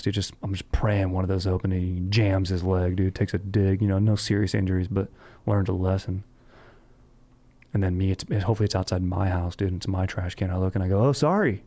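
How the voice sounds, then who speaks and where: A man's voice: deep voice, mellow. Laid-back man saying dude constantly. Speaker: podcast host. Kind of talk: casual comedic podcast chat.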